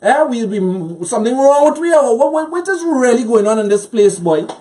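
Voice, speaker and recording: A man's voice: very high-pitched, big pitch swings, moderate pace, mellow. A man with a Trinidadian accent, a guest on a political talk show, speaking angrily and emphatically and repeating phrases to drive his points home.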